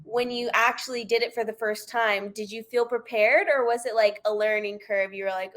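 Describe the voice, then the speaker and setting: A woman co-hosting a podcast in casual chat, warmly asking follow-up questions. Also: on the high side, steady tone, normal speed, hardly any pauses. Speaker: podcast co-host.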